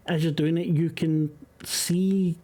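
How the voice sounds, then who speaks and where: A man's voice: fairly high pitch, fairly even intonation, takes it slowly, mellow. A man running a tabletop game as game master, narrating scenes with hesitant fillers.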